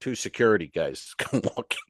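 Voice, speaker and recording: A man's voice: lowish voice, fairly quick, slight background noise. A man, a comedian, telling a comic anecdote on a podcast over a video call, acting out the people he quotes. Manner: animated anecdote with acted-out quotes.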